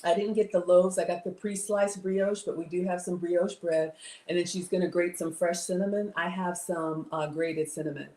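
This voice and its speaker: A woman's voice: lowish voice, steady tone, normal speed, mellow, echoey room. A middle-aged woman, hosting a live cooking stream and chatting casually with viewers, reading their comments aloud. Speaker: livestream cooking host. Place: home kitchen.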